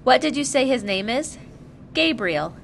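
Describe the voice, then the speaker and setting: A bubbly, talkative young girl chatters on eagerly in a storybook reading, as a woman narrator puts her on. Her voice sits a little higher and brighter than the narrator's own, lively and keen. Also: unhurried, vocal fry, a little hiss or hum, exaggerated voice. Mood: chatty.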